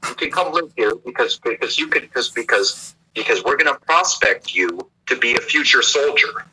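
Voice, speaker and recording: A man's voice: medium pitch, lively intonation, moderate pace, sharp tone, slight background noise, rough recording. A man co-hosting a livestream, rambling in crude casual banter with frequent restarts and repeated words. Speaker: livestream co-host.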